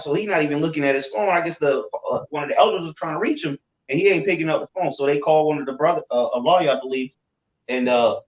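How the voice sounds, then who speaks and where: A man telling a story in casual chat, animated, repeating himself and swearing freely. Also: fairly high pitch. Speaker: religious group member. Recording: roomy, distant, dull sound.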